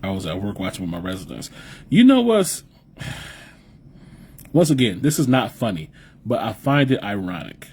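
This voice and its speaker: Man, husky voice, young adult, from the Midwest, live podcast host, loose profane rambling, repeats words. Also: on the low side, sing-song, normal speed, pauses often, a little mellow. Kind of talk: casual live-stream chat.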